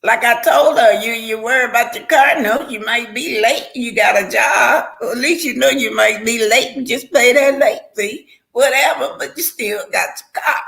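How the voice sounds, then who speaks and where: A woman's voice: a little high, normal speed, gravelly, a bit bright. An older woman, a grandmother, talking casually on a live stream and giving heartfelt life advice, preachy in tone and often stumbling and restarting her words.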